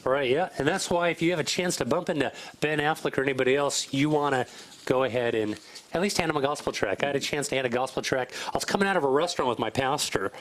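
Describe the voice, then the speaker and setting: Guy co-hosting a faith talk show, earnest and preachy, talks in quick bursts. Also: mid-range voice, low-quality recording. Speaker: co-host.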